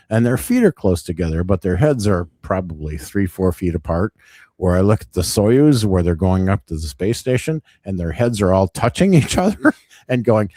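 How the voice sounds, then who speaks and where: An older man talking in a low, dark and mellow voice. He reminisces with emphatic asides in casual podcast chat, recorded close and dry. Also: no echo. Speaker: guest.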